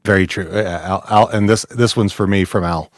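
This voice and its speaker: A man's voice: low voice, fairly even intonation, no room sound, clean studio sound. A man hosting a podcast in casual chat, full of fillers and restarts, often laughing. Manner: halting, many fillers and restarts. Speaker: podcast host.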